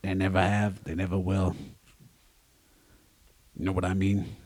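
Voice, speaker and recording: A man's voice: sits low, monotone, measured pace, a little mellow, dry recording. A man playing a brash, crude middle-aged male wiseguy who brags and swears as he talks. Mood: boastful. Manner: swaggering, boastful, profane, keeps saying "you know what I'm talking about". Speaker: podcast co-host playing a guest. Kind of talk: improvised comedy character.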